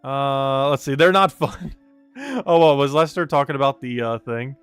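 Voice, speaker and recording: A man's voice: medium pitch, moderate pace, fairly bright tone, clean tone, no room sound, soft background music. A man streaming a game live, chatting casually, reading and greeting chat, and laughing often.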